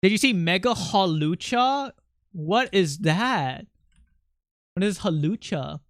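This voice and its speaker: A livestreamer chatting casually with viewers, rambling and excitable, jumping from topic to topic. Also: medium pitch, takes it slowly, dry recording, studio quality.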